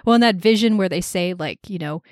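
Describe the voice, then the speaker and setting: Woman, podcast co-host, thoughtful, analytical, lowish voice, dry sound. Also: a little fast, dry recording. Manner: reflective, analytical. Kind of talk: casual film discussion.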